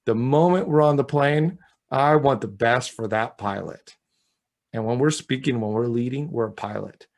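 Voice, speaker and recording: A man who coaches communication, talking as an interview guest in an energetic, emphatic coaching way. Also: medium pitch, moderate pace. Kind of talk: interview chat.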